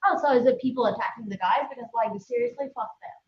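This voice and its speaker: A woman's voice: on the high side, quick pace, reverberant, lo-fi sound. A woman interviewing a guest in a casual chat, blunt and profane as she asks direct questions. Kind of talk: casual live-stream chat. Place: by a pool.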